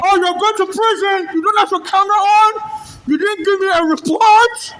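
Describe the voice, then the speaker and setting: A man from Nigeria with a voice muffled by a face mask, filming an agitated confrontation on a handheld phone in a subway station. He is agitated, stammers and repeats himself, and often shouts. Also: extremely high pitch, fairly even intonation, normal speed.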